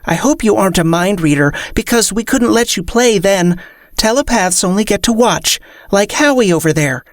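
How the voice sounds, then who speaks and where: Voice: mid-range voice, expressive, dry recording, clean studio sound, pitched above the performer's own voice, natural voice. A reader voicing a chirpy female fairy who fires off eager guesses. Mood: bubbly. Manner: bubbly, rapid-fire guessing.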